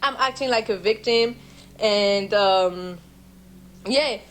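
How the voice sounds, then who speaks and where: A young woman from France, telling a personal story in a vlog in an emotional, halting way with many restarts. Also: medium pitch, fairly bright tone, a little hiss or hum, rough recording. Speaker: vlogger.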